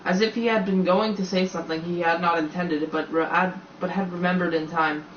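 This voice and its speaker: A man's voice: high voice, steady tone, fairly quick, a little hiss or hum. A man reading a children's story aloud, unrehearsed, with frequent stumbles and restarts. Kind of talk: storybook read-aloud narration. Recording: roomy, slightly dull home recording.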